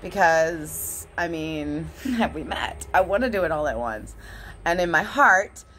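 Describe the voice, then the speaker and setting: Lower-pitched woman vlogging candidly. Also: lively intonation, unhurried, fairly bright tone, slight background noise. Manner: candid and swearing, with frequent laughs. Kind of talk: casual spiritual vlog monologue.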